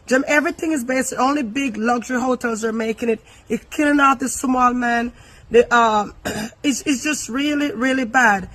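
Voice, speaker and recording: A woman's voice: on the high side, a bit bright. Earnest woman, business owner. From Jamaica. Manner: earnest, halting with restarts. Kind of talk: impassioned interview remarks.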